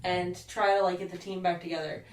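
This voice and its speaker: A woman co-hosting a podcast in casual chat, playful and quick to joke. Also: lowish voice, level tone, a little hiss or hum. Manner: playful, bursts into silly put-on voices. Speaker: podcast co-host. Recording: echoey, distant from mic.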